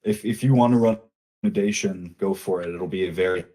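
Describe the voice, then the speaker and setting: Game master, male, low voice, relaxed and halting narration.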